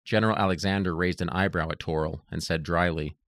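A man narrating an audiobook in a steady, even reading voice. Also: low voice, fast, no echo, clean studio sound.

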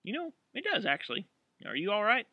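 A man voicing a blunt, gruff young man in a storybook reading, close to his own voice. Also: high-pitched, huge pitch swings, brisk, no echo, highs cut off, voice pushed up, exaggerated voice.

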